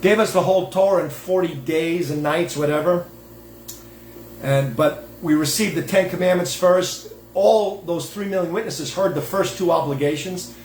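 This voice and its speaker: A man's voice: fairly high pitch, moderate pace, darkish tone, echoey room, slight background noise. A man hosting his own show, giving a digressive religious monologue in a folksy, self-interrupting way. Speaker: host.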